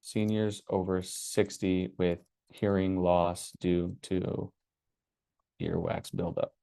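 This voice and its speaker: A man hosting a workshop, walking through his screen in a relaxed, casual way and thinking aloud with many fillers. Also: low-pitched, slow, gravelly, dry recording, studio quality. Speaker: workshop host. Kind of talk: casual screen-share walkthrough.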